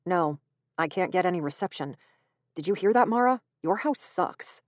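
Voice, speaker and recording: A woman's voice: fairly low pitch, animated, moderate pace, no room sound, studio quality, natural voice. A woman reading an audiobook gives voice to a blunt, teasing young man who works as a spirit medium.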